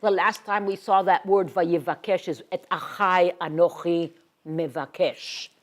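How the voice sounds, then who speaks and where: A woman giving a Torah lecture. She reads Hebrew verses and then translates them, sinking to a hushed whisper on emotional words. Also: lowish voice, fairly even intonation, measured pace. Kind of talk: expressive Bible lecture.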